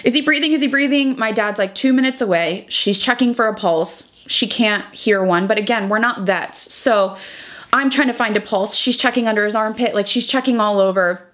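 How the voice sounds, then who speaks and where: A woman's voice: mid-range voice, normal speed, fairly bright tone. A young woman vlogger, crying as she talks through a painful personal update. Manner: tearful, breaking up while retelling. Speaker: beauty vlogger. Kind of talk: emotional personal vlog.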